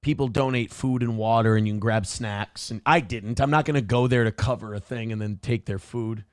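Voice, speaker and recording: A man's voice: medium pitch, a little fast, dry recording, studio quality. A man hosting a morning show, telling stories casually and profanely, with acted-out quotes. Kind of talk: casual chat. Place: home studio.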